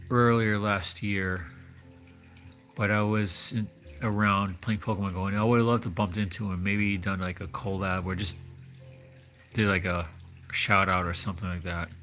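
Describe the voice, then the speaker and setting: A man hosting a casual livestream, rambling and hesitant, often restarting his thoughts. His voice sits low, with a faint hiss of noise behind it. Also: fairly bright tone. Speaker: livestream host. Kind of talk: casual chat.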